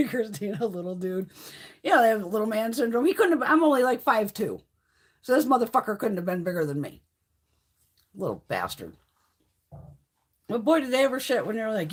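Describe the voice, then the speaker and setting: A middle-aged woman hosting a beauty livestream speaks at normal speed in a fairly high, sing-song voice with a breathy edge, pausing often. She tells stories in a blunt, casual, profane manner with frequent swearing and laughter.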